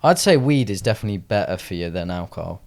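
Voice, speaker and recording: A man's voice: low voice, lively intonation, fast, a little mellow. Laid-back young man chatting. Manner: laid-back banter, chimes in with short remarks. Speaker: podcast co-host. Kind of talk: casual chat.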